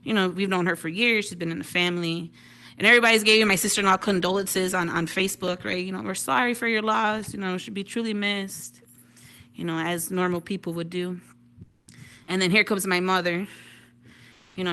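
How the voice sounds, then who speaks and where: A woman from Detroit works a stand-up set through a VR headset mic, her voice bright and forward. She talks in a loose, chatty way, keeps asking "right?" and laughs along with her own punchlines. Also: mid-range voice, steady tone, fairly quick. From Detroit, United States. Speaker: stand-up comedian. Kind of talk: stand-up comedy routine. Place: virtual reality social venue.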